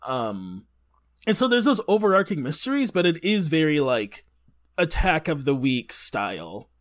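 A man's voice: a little high, sing-song, unhurried. A man chatting casually as a podcast guest, rambling through fillers and tangents. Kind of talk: casual chat.

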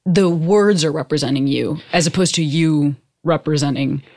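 A woman's voice: low voice, normal speed, a little mellow, no room sound, studio quality. Woman host asking loose questions. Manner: loose, conversational questioning with fillers. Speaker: podcast host. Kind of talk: casual interview chat.

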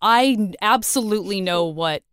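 A woman's voice: medium pitch, a little slow, a bit bright, smooth, no echo, clean studio sound. A woman hosting a podcast interview, chatty and enthusiastic, rambling through her questions. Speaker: podcast host. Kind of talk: casual interview chat.

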